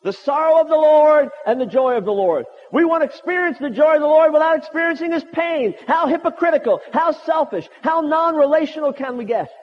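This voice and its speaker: A very high-pitched man delivers an impassioned sermon, building his points through rhythmic repetition. His voice rings with long reverb through a large hall. The audio is muffled and dull. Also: expressive, brisk, few pauses. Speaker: preacher.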